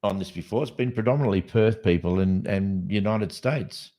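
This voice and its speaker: An Australian man hosting a casual late-night podcast, rambling and joking as he thinks out loud. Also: fairly low pitch, normal speed. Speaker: podcast host.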